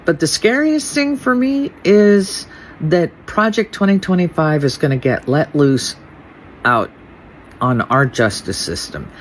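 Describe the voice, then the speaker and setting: Slow, halting man. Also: a little high, slight background noise, poor audio. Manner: halting, many fillers, self-described stumbling. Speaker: content creator. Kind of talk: casual political monologue.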